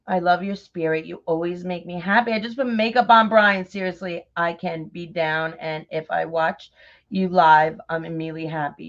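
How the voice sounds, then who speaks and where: A middle-aged woman from New York with a New York accent, chatting warmly and effusively with viewers by name while crafting on a livestream. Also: lowish voice, vocal fry. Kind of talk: casual livestream chat while crafting bows. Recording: dull lo-fi livestream audio.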